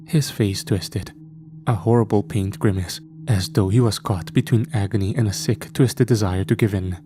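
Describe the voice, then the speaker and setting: A man reads a scripted horror story in a slow, measured way. His voice sits low and mellow. Faint music plays underneath. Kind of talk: scripted narration.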